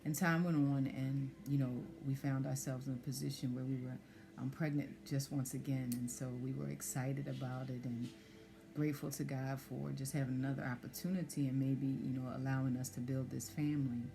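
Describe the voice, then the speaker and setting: A woman sharing a personal testimony in conversation, soft-spoken and hesitant with many fillers. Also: a bass voice, little pitch movement, fairly quick, creaky, music in the background. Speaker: guest sharing pregnancy loss story.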